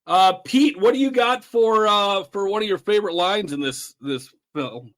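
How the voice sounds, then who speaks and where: A man's voice: high voice, normal speed, fairly bright tone. A man hosting a podcast, chatting casually and enthusiastically about a comedy film and quoting its lines. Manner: enthusiastic, quotes movie lines. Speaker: podcast host. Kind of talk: casual chat.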